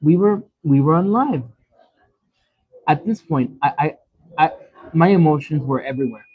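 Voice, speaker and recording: A man's voice: on the high side, expressive, moderate pace. A man vlogging to his viewers, telling a dramatic story in an exclaiming manner and repeating himself for emphasis. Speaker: mukbang vlogger. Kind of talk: animated storytelling vent. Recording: tinny phone-like sound.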